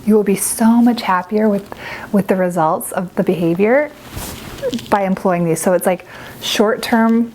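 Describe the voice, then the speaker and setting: Warm young woman giving chatty parenting advice. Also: mid-range voice, a little slow, a little hiss or hum, poor audio. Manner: chatty, earnest, many filler "like"s. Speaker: parent vlogger. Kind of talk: casual parenting advice talk.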